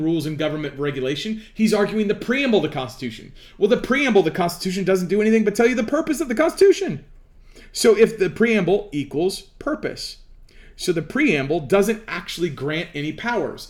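Guy explaining law, pitch jumping all over, keeps asking rhetorical questions, kinda preachy. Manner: emphatic, asks rhetorical questions; preachy, lecturing. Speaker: legal commentator.

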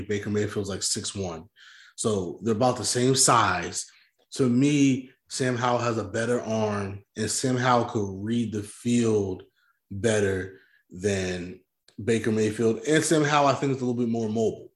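A man co-hosts a casual sports podcast and argues his points at length. His voice sits at a middle pitch and carries a roomy echo. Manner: argumentative, explains at length. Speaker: podcast co-host.

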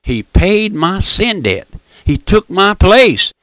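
An older man preaching a folksy broadcast sermon, repeating his points and calling the listener "my friend", with emphatic, drawn-out stressed phrases. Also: high-pitched, very animated, a bit bright, dry recording. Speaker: radio preacher.

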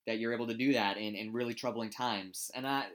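A man's voice: mid-range voice, fairly even intonation, a little fast. A man co-hosting a casual sports talk show, rambling and searching for words with frequent restarts. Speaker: co-host.

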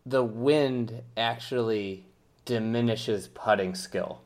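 A man co-hosting a casual sports podcast, animated and quick to pick favourites. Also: medium pitch. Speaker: podcast co-host.

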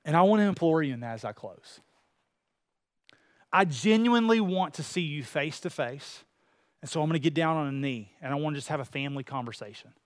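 A man's voice: a little high, expressive, fairly quick, dry recording, clean studio sound. A man preaching a sermon to his congregation, building in intensity and acting out quoted voices.

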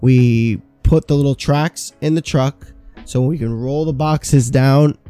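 Man telling work stories, mellow voice. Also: medium pitch, fairly even intonation, slow, soft background music. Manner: swearing, storytelling with quoted asides. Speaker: podcast co-host. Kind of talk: casual podcast chat.

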